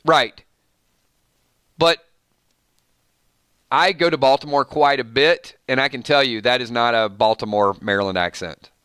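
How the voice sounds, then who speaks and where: A man's voice: medium pitch, measured pace, pauses often, sharp tone, smooth, no echo, clean studio sound. A man with a Georgia accent, casually hosting a live stream and reading viewer chat in an easygoing, folksy way with frequent chuckles. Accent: Georgia, US South. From Georgia, USA.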